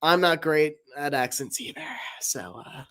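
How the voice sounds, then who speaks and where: Casual streamer woman, giggly, lively pitch, slow talker. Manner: giggly, rambling. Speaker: voice-request streamer. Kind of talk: casual Q&A chat.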